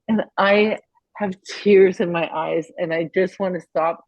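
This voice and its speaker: A woman's voice: on the low side, fairly even intonation, measured pace, no echo, dull audio. A woman in her fifties, a guest musician in a casual interview, telling candid, profane stories with plenty of feeling. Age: 50s. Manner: profane, candid, emotional storytelling.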